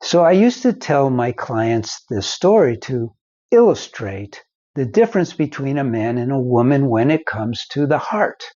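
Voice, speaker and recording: Older man, husky voice, slow unhurried pace, folksy marriage advice, lo-fi recording. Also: medium pitch, very animated, warm tone. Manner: slow, folksy storytelling with acted-out quotes. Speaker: marriage counselor and foundation founder. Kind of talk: advice monologue to camera.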